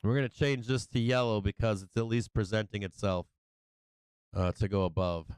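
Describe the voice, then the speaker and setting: A man runs a live stock-market stream, excitable and foul-mouthed, saying the same point over and over. His voice is very clean and crisp. The recording is dry and close, with no room sound. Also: on the low side, normal speed, dry recording, poor audio. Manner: excitable, profane, repeats himself. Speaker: livestream market commentator. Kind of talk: casual live trading commentary.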